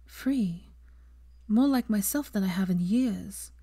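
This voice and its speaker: Woman reading as earnest young witch, wistful, hushed, lifted a little higher, dry close sound. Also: big pitch swings, moderate pace, dry recording.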